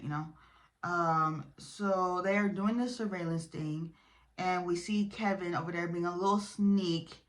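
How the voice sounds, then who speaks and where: Chatty, opinionated woman recapping a show. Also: fairly low pitch. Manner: chatty, opinionated, animated when indignant, many fillers. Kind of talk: casual recap commentary.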